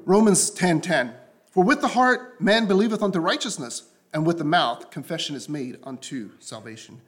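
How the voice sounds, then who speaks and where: A man preaching a sermon to a congregation, impassioned and repetitive, often dropping to a soft, low voice. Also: expressive, normal speed.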